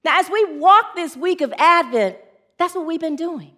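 In a very high, bright, forceful voice, a woman preaches animatedly at normal speed. She draws call and response from her congregation and earnestly tells stories, acting out the quotes.

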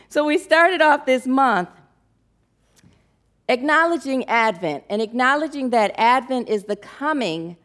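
Woman minister, sermon delivery, animated and emotional, fairly high voice with a wide, lively melody. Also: takes it slowly. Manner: animated and emotional, laughing often.

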